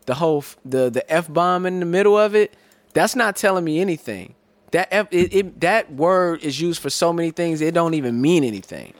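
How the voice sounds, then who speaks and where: A man in casual podcast chat, animated and quick to build hypotheticals, swearing freely. His voice sits a touch higher than most men's. The sound is close and dry, with no room around it. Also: dry recording. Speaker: podcast co-host.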